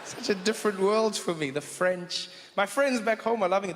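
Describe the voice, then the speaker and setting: A man performing stand-up on a stage, talking in a wry manner that keeps halting and restarting with asides. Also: high-pitched, a little hiss or hum. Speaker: stand-up comedian. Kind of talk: stand-up comedy set. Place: comedy stage in a large venue. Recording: reverberant hall, faint ambience.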